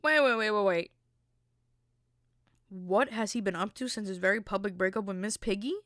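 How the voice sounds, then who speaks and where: A woman's voice: medium pitch, moderate pace, a bit bright, no room sound, clean studio sound. A woman hosting a podcast, ranting in a casual, comic, exasperated way, full of fillers and restarts. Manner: rambling, exasperated comic rant with many fillers. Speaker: podcast host. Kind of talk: casual comedic chat.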